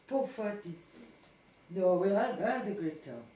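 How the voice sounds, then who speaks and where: Casting note: older mother telling a story, mellow voice, a bit distant in a roomy space with faint hiss. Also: medium pitch. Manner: lively anecdotal telling with laughter and restarts. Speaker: mother recounting memories. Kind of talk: family storytelling, home recording.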